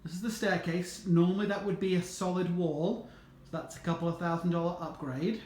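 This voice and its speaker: A man's voice: high-pitched, fairly even intonation, fairly quick, a little mellow. A man working as a realtor, chatting casually as he walks through a show home and points out its features. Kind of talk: casual walkthrough home tour. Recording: echoey empty rooms, faint background noise.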